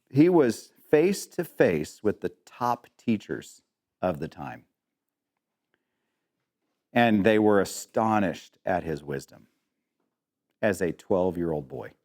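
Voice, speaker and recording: A man's voice: low voice, big pitch swings, measured pace, long pauses, darkish tone. A man teaching an interactive Bible lesson, quizzing the class with questions and dropping in joking asides.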